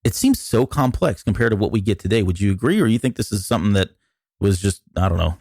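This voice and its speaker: Low-voiced man explaining on a podcast, voice worn. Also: expressive, fast, darkish tone, dry recording, clean studio sound. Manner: explains in detail, with many restarts and fillers. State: losing his voice. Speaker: podcast co-host.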